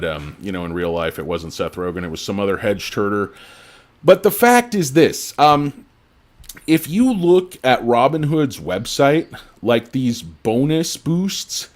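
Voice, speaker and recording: A man hosting a casual livestream about stocks, talking emphatically and rambling with plenty of fillers, swinging from loud, punchy lines to mumbled asides. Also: medium pitch. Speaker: livestream host.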